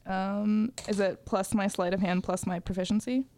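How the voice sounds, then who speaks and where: A woman's voice: medium pitch, fairly even intonation, moderate pace, darkish tone, a little hiss or hum. A woman playing a tabletop game, with a dry, sarcastic manner. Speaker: player.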